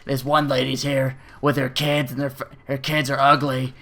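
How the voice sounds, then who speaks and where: A man's voice: mid-range voice, little pitch movement, moderate pace, creaky, fairly bright tone. A man putting on the voice of a mean, complaining woman griping on the phone. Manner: whiny, griping.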